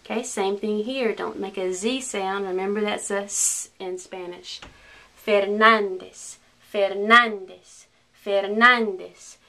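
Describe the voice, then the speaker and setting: A woman teaching Spanish pronunciation in a recorded lesson, slowly drilling each word with careful repetitions. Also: mid-range voice, steady tone.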